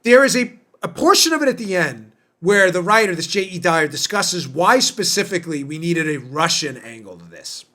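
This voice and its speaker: This man's high, pushed, bright voice moves at normal speed with few pauses as he hosts a political commentary podcast. He's expressive, indignant and emphatic, throwing out lots of rhetorical questions.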